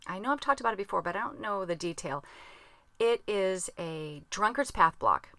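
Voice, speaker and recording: A woman's voice: mid-range voice, animated, normal speed, bright, forceful tone, no echo. A woman hosting a podcast in casual chat, rambling and laughing at herself, recorded in a small closet. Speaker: podcast host.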